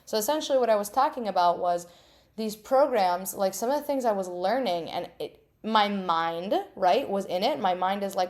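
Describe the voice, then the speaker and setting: A woman's voice: medium pitch, moderate pace, a little mellow. A woman hosting her own podcast, talking candidly and animatedly in a casual solo monologue, acting out her inner voices, laughing at herself and swearing freely. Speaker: podcast host.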